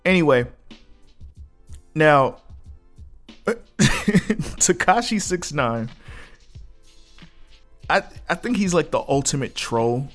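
A man's voice: fairly high pitch, expressive, extremely slow, long pauses, fairly bright tone, faint music behind. A man hosting a solo podcast, chatting casually and with amusement as he recounts gossip. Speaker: podcast host.

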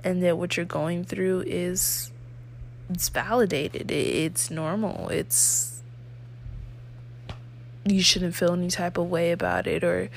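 A woman's voice: on the low side, fairly even intonation, slow, vocal fry, long pauses, a little hiss or hum. A woman hosting her own podcast in casual solo talk, rambling and repeating herself, recorded without a proper microphone. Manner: rambling and repetitive, with many fillers and restarts. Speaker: podcast host. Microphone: no proper microphone yet, a basic built-in mic.

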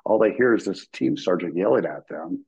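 A man's voice: low voice, normal speed, creaky, husky, muffled recording. A man, a military veteran, telling a story casually as a guest and acting out the voices of the people in it. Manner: animated, acts out quoted voices, laughs while telling.

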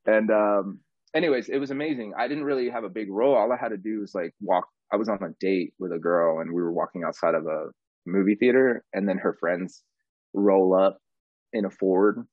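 Low-voiced man telling animated stories. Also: a little fast, dry recording, highs cut off. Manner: animated, says "bro" a lot, acts out quotes. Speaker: podcast guest, actor. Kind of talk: casual storytelling interview.

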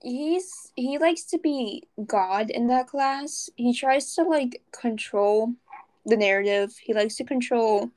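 A woman's voice: on the high side, darkish tone, poor audio. A teenage girl co-hosting a casual podcast, rambling with lots of fillers and laughs. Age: teens. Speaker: podcast co-host. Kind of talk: casual chat.

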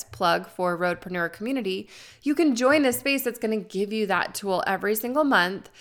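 A woman's voice: medium pitch, fairly bright tone. Earnest woman coaching her listeners. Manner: earnest, encouraging, slows down to stress key words. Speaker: podcast host.

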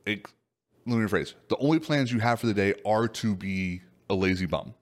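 A man's voice: lowish voice, brisk. A man co-hosting a casual podcast chat, teasing his partner and steering the talk with probing questions. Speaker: podcast co-host.

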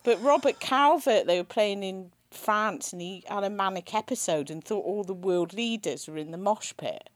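A woman's voice: mid-range voice, moderate pace, few pauses, no room sound. A woman chatting casually about rock bands, telling funny stories with a lot of laughter and some swearing. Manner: swearing, giggly storytelling.

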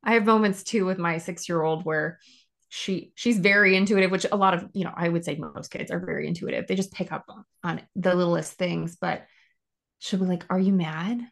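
A woman podcast host, sharing reflectively and backing her guest with soft affirmations. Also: lowish voice, steady tone, brisk, vocal fry.

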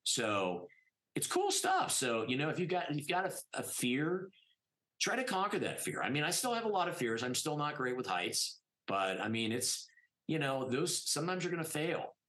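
Man, middle-aged, bright forceful tone, emphatic, fillers, casual chat. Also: fairly high pitch, moderate pace, rough recording. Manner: animated, emphatic, many "I mean" fillers. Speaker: podcast guest, plastic surgeon. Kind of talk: casual storytelling interview.

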